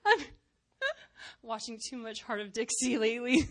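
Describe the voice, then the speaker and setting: High-voiced, goofy, giggly woman preacher. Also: unhurried, long pauses, sharp tone. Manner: goofy, giggly, laughs often. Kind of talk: casual personal chat.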